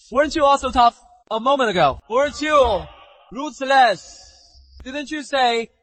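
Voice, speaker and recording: A cocky young hero who has found new powers and taunts the thugs who bullied him. His voice is very high and lively in pitch, and he speaks slowly, in a dry, close studio sound. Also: dry recording, exaggerated voice. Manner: taunting, slow and deliberate. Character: young man turned cocky healer-fighter. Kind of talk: dubbed drama acting.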